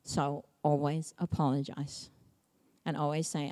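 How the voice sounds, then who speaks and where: A middle-aged pastor delivers a sermon in a fairly low voice. She drives her points home by repeating them with emphasis. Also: unhurried, darkish tone. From Samoa. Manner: emphatic, repetitive preaching.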